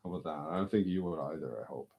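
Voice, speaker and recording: A man's voice: very deep voice, rapid-fire, vocal fry, husky, dull audio. A man rambling in casual chat, often repeating himself and swearing freely. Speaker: casual talker.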